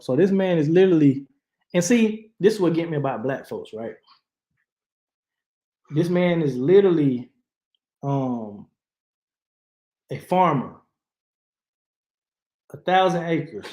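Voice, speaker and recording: A man's voice: fairly high pitch, warm tone, roomy sound. Impassioned man ranting on a livestream. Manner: impassioned, preachy, many restarts. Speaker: channel host reacting to news. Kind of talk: casual commentary, live-stream style.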